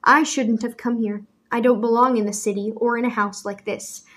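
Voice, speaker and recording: A woman's voice: a little high, steady tone, moderate pace, fairly bright tone. A woman voicing a hot-tempered teenage boy who speaks rudely and with passion. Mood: impassioned. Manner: rude, passionate, defiant.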